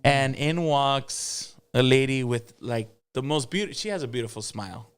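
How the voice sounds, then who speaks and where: A man, a mariachi singer, telling a lively story as an interview guest and slipping in Spanish words. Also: mid-range voice, moderate pace, clean tone. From Los Angeles. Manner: lively storyteller who acts out quotes and mixes in Spanish.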